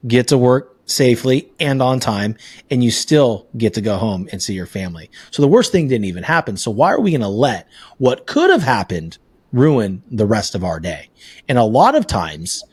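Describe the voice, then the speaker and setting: Husky-voiced male podcast host. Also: medium pitch, big pitch swings, normal speed, darkish tone, dry recording. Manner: earnest, storytelling with filler words. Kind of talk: casual conversational interview.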